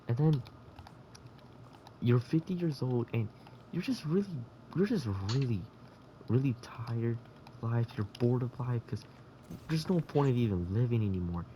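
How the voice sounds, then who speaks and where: A man's voice: medium pitch, animated, measured pace, pauses often, dark tone, a little hiss or hum. A man in a casual voice chat, rambling through absurd hypothetical stories.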